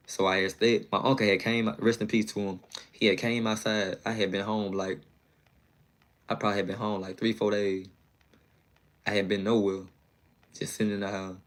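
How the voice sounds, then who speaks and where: A man with a fairly low, fairly bright voice tells a long personal story in a casual, slangy, rambling way. He keeps checking in with his listener and is fond of saying "you know what I'm saying."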